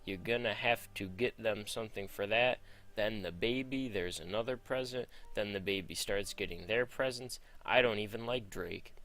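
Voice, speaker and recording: A man's voice: lowish voice, moderate pace, a bit bright. A man reading as a neurotic adult man who complains about everything, in a whiny, grumbling tone.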